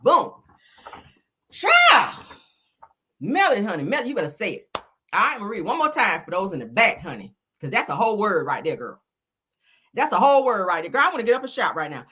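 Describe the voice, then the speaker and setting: A woman's voice: medium pitch, big pitch swings, rapid-fire, fairly bright tone, breathy edge. A woman giving casual celebrity gossip commentary in a sassy, emphatic way, peppering her talk with "honey" and "child.".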